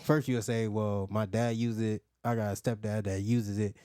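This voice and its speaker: A man's voice: lowish voice, flat delivery, moderate pace, dark tone, clean tone, no echo, studio quality. A man co-hosting a podcast, explaining his view in a laid-back casual chat. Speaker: podcast co-host.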